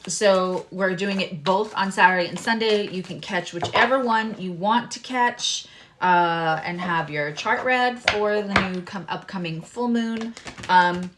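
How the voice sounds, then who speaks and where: A woman reads tarot and astrology live, chatting candidly, cursing freely, and occasionally slipping into hushed asides. Her pitch is medium and her pace measured, with a noisy background behind her.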